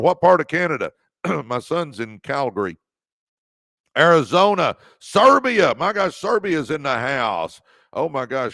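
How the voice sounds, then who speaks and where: A man's voice: fairly high pitch, creaky, a bit bright, no echo. A man from Dallas hosting a live stream from his room, greeting viewers with enthusiasm and reading out their comments. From Dallas, Texas. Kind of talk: energetic live-stream greeting and motivational talk.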